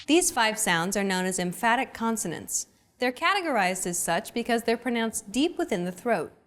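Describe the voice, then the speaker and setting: A woman's voice: on the high side, sing-song, moderate pace, a bit bright. A woman hosting a language lesson, giving scripted, encouraging explanations in an upbeat way.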